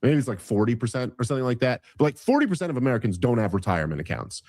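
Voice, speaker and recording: A man's voice: medium pitch, expressive, rapid-fire, a little mellow, no room sound. A man ranting in casual political chat, swearing and restarting his sentences often. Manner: ranting, profane, rambling with many restarts.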